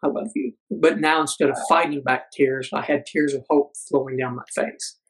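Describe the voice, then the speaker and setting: A man's voice: on the high side, fairly even intonation, slightly rough, low-quality recording. Earnest man telling a hard story. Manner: earnest, halting storyteller with many "you know" fillers. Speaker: guest. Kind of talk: storytelling in a podcast interview.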